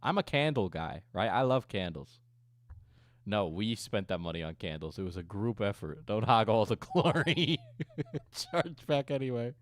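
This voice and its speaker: Lively, swearing male streamer. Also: lowish voice, moderate pace. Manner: profane, joking rants with frequent laughter. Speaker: livestreamer; coffee business owner. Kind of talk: casual livestream chat.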